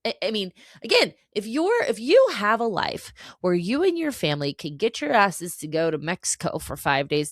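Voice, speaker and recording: A woman's voice: mid-range voice, very animated, normal speed, hardly any pauses, no room sound, clean studio sound. A woman hosting a solo podcast, giving an earnest, emotional pep talk with some swearing. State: tearful at times. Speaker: podcast host.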